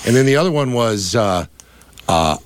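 A man's voice: lowish voice, animated, moderate pace, clean tone, no room sound. A man chatting on a radio talk show, rambling with restarts and trailing asides. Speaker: radio guest. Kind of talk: casual chat.

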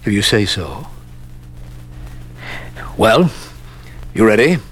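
An actor playing a chatty prison guard who talks in a casual, offhand way. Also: male voice, on the low side, sing-song, slow, husky, heavily acted. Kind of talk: radio drama acting.

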